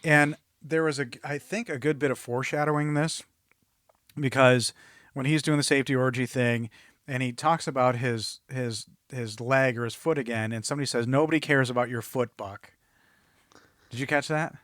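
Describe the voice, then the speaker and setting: A man co-hosting an independent movie podcast, recapping scenes in a loose, rambling way. His voice sits at a middle pitch. It is recorded dry and close, with no room sound. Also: fairly even intonation, moderate pace, a bit bright, no echo. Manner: chatty, rambling recaps with laughs. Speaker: podcast co-host. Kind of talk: casual movie review chat.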